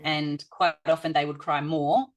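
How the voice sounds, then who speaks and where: A woman's voice: deep voice, fairly even intonation, a little slow. A woman guest on a parenting podcast, telling stories at length with many fillers, with an Australian accent, calling mummy. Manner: warm storytelling with frequent fillers. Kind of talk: conversational storytelling.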